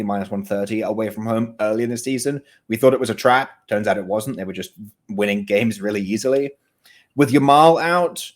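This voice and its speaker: A man co-hosting a casual podcast chat, rambling and correcting himself mid-sentence, often laughing. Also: on the low side. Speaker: podcast co-host. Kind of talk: casual chat about soccer betting.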